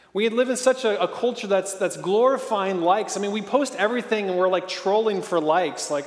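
A high-voiced man in his thirties preaches in a loose, chatty way, full of fillers and little acted-out quotes. His voice rings through a large hall with a long echo. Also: fairly quick. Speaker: pastor. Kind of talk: sermon. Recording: echoey hall reverb.

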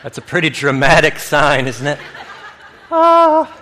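A man preaching, in a voice of ordinary pitch for a man, telling stories with laughs and acting out the people in them. His voice rings with a long reverb from the hall. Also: fairly even intonation, moderate pace, fairly bright tone, some chatter behind, slight background noise. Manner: storytelling, acts out quoted voices, laughs often. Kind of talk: sermon.

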